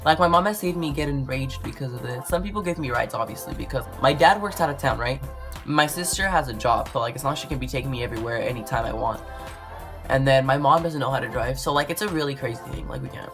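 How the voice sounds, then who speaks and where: A woman with a low voice rants casually to camera, rambling and exasperated. She fills her talk with "like" and swings from loud outbursts to muttering. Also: quick pace, over music. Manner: exasperated, rambling, says "like" a lot. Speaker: vlogger.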